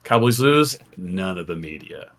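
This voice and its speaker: A man with a fairly low voice trades casual sports talk on a podcast. He swears freely and jumps between thoughts in quick, restarting bursts. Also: lively intonation. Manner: loose, profane, talks in quick bursts with restarts. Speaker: podcast co-host.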